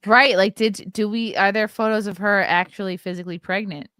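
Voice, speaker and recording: A woman hosts a relaxed online talk show, laughing easily between remarks. She reads viewer messages and donations aloud, chatting along as she goes. Her voice sits in a middle register and sounds close and dry. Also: medium pitch, a little fast, smooth, no echo. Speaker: podcast host reading chat. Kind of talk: casual chat.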